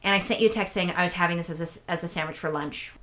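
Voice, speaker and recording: A woman casually telling a long, animated story on a chat show, acting out the voices of people she met and swearing freely. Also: on the low side, very fast. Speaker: podcast co-host telling a story.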